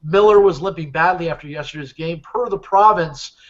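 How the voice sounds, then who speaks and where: A man's voice: on the high side, moderate pace, a bit bright. A man co-hosting a podcast, reading news items aloud with frequent hesitations. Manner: hesitant, many "uh"s, reads releases aloud. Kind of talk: news reading mixed with casual chat. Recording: dull lo-fi podcast audio.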